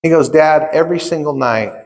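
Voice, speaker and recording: A man's voice: on the high side, a little fast. A middle-aged man giving a motivational keynote at a conference, telling stories and acting out the dialogue as he talks straight to the audience. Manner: animated storytelling, acts out dialogue, addresses audience directly. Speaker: conference speaker. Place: large conference hall. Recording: long hall reverb.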